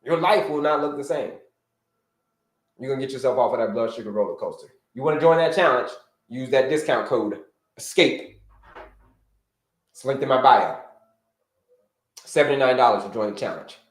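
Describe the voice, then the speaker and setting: A man hosting a live health-coaching stream, talking to viewers in an animated, repetitive, preacher-like cadence. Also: medium pitch, normal speed, long pauses, roomy sound.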